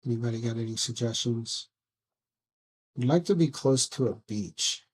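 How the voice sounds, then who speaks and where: A man hosting a casual build vlog, rambling softly to his viewers and himself while he works at a bench indoors. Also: mid-range voice, normal speed, slightly rough. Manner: soft, rambling self-talk with musing asides. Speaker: drone hobby channel host.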